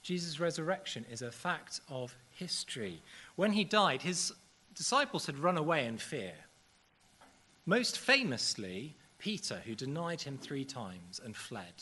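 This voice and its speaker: A man preaching a sermon in a church service, earnest and measured, with occasional fillers. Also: fairly high pitch, very animated, bright, forceful tone, husky.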